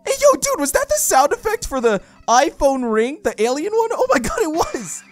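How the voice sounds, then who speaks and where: A man voicing a hyper, childlike male dragon-head monster puppet that squeals with excitement in a puppet reaction video. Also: very high-pitched, moderate pace, exaggerated voice. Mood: gleeful.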